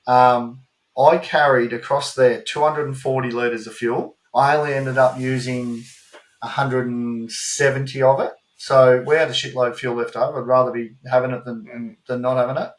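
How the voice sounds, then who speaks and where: Australian male podcast co-host with a mid-range voice, animated casual storyteller, recorded in an echoey room. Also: mid-range voice, normal speed. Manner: animated storytelling, swears freely. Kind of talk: casual chat. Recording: roomy echo.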